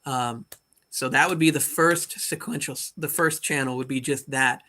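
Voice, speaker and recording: Bright-voiced man thinking aloud. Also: mid-range voice, fairly even intonation, normal speed, slight background noise. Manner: thinking aloud, restarting sentences. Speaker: modular synth hobbyist on a stream. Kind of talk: casual video-call chat. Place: bedroom. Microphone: video call.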